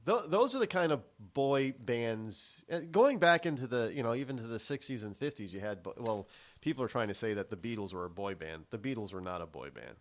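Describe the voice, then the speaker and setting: A man hosting a relaxed talk show, wandering through his stories with frequent pauses, restarts and fillers. His voice sits at an ordinary middle pitch. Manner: rambling, halting, many restarts and fillers. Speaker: host. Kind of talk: casual chat.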